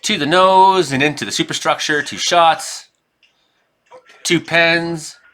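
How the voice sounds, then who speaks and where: Excitable man rambling over gameplay. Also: on the high side, slow. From Canada. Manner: rambling, excitable, reacts loudly to hits. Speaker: gaming streamer and weather forecaster. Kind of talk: casual gameplay commentary.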